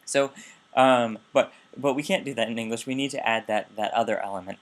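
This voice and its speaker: A man's voice: medium pitch, fairly quick. A man giving a recorded linguistics lecture, explaining carefully and often correcting himself mid-sentence. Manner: explanatory, with frequent restarts and self-corrections.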